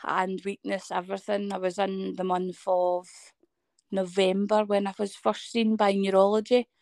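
A Scottish woman in her thirties speaks at normal speed in a medium-pitched voice, in a dry, studio-quality recording. She's a guest telling a personal story in conversation, animatedly acting out the dialogue of people who spoke to her.

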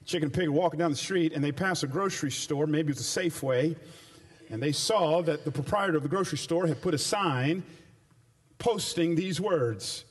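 A man preaching a sermon, emphatic, slowing down for stressed phrases and then racing ahead, with casual, colloquial asides. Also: fairly high pitch. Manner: emphatic, shifts between slow stressed phrases and rapid runs.

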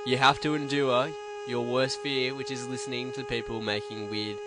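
A man's voice: mid-range voice, little pitch movement, moderate pace, over music. A man co-hosting a podcast in a studio, chatting casually and teasing his partner playfully. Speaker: podcast co-host. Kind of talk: casual chat.

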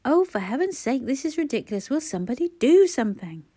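A woman's voice: sits high, big pitch swings, fast talker, mellow, breathy edge, pitched above the performer's own voice, full character voice. A woman voicing an impatient, pompous businessman who snaps and raises his voice irritably. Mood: exasperated.

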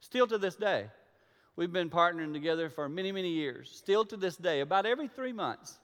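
A man preaching a sermon from a church stage, telling stories and acting out conversations, dropping to a hush and then rising to loud emphasis. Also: high-pitched, expressive, brisk, clean tone. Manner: storytelling, acts out dialogue, swings from hushed to loud. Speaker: pastor. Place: church sanctuary. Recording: reverberant hall.

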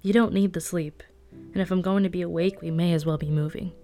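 A woman reading aloud, voicing a fierce young female archer who talks bluntly and forcefully. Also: lowish voice, fairly even intonation, brisk, soft background music, natural voice.

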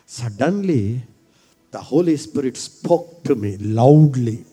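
A middle-aged man preaching a sermon. He repeats his phrases and builds from quiet talk to shouting. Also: medium pitch, lively intonation, slow pace, breathy edge, in a large hall.

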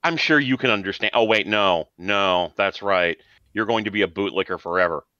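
A man's voice: on the low side, normal speed, sharp tone, no room sound. A man voicing Genghis, a crude, mocking vampire street tough, on a dull lo-fi recording. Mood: sneering. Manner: foul-mouthed, mocking.

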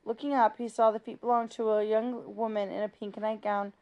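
A woman reads a children's novel aloud in a steady, plain narrating voice. Her pitch sits slightly high, and she makes small slips and restarts along the way. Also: brisk, highs cut off. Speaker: reader.

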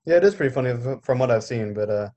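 A man's voice: medium pitch, expressive, rapid-fire, dark tone, lo-fi sound. A man in casual chat, laid-back, mostly giving short replies.

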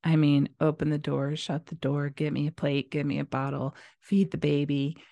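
A woman in her thirties hosts a personal podcast, talking candidly and acting out old arguments. Her voice sits a little low and mellow. The recording is close and dry. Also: flat delivery, moderate pace, gravelly, no room sound. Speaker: podcast host.

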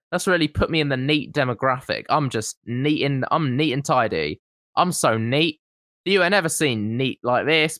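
A man's voice: a little high, sharp tone, no echo. Sarcastic man, dry sound. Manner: sarcastic, teasing. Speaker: podcast co-host. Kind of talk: casual chat.

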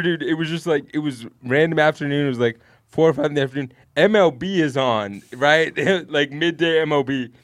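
With a slightly high voice recorded in studio quality without echo, a young podcast co-host rambles through a long story for his friends. He's laid-back, swearing heavily and filling his speech with fillers.

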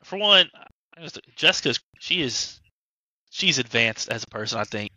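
A man's voice: medium pitch, lively intonation, moderate pace, sharp tone, dry recording, low-quality recording. A young man telling a casual, swear-laced story about his family on a podcast. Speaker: podcast co-host. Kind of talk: casual chat.

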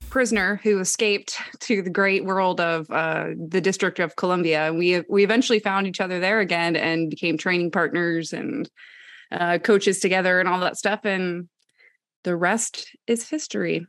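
A woman's voice: lowish voice, fairly even intonation, moderate pace, a bit bright, no echo. Woman, bubbly, jokey, close dry sound. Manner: bubbly, joking, laughs often. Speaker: podcast guest and co-host. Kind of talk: casual chat.

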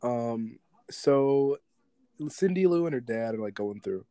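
Male podcast co-host, lively swooping delivery, dry close sound, rambling storyteller. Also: medium pitch, takes it slowly, clear, resonant tone, no room sound. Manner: animated, rambling storyteller who acts out movie quotes. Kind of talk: casual movie chat.

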